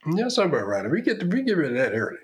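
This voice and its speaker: A man hosts a podcast monologue, laying out his opinions in an emphatic, preachy way. His voice sits a little high and moves around a great deal. He keeps pressing his points with repeats and rhetorical questions. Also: huge pitch swings, very fast. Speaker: podcast host.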